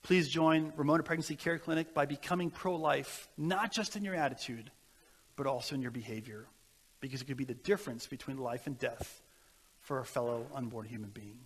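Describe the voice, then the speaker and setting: A man's voice: mid-range voice, fairly quick, slightly rough. Earnest man preaching with church reverb. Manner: earnest, exhorting, storytelling. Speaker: guest speaker. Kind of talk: sermon.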